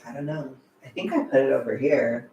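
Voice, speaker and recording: A young man chatting casually on a livestream, animated and chatty, sometimes swearing, laughing often, heard from a distance. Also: mid-range voice, fairly quick. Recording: echoey room, away from the mic.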